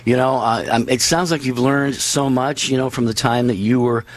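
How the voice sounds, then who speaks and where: A man's voice: medium pitch, fairly even intonation, moderate pace, low-quality recording. A man hosting an interview, summing up the guest's story in a reflective, affirming way with many "you know" fillers. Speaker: host. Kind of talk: radio interview.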